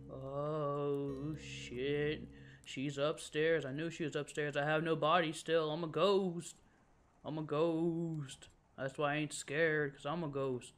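A young man commentating a horror game as he plays, cursing constantly and joking, swinging between loud outbursts and nervous muttering. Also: mid-range voice, a little hiss or hum. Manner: profane, jumpy, jokey running commentary. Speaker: let's play gamer.

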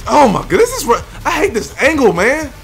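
Young male gamer, very high voice, bright and sharp, profane trash talk over faint game music. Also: huge pitch swings, fairly quick, creaky. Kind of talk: live gameplay commentary.

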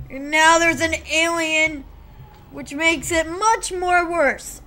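A woman playing a horror game, excitable, yelping and shrieking, with nervous laughter. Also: very high-pitched, slow pace. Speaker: gaming video host.

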